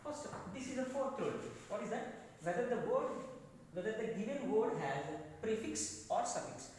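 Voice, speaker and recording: A man teaching a classroom lecture, speaking slowly, repeating his phrases, with frequent hesitations. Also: high voice, expressive, a little mellow, a little hiss or hum. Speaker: English teacher. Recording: echoey classroom, mic far off.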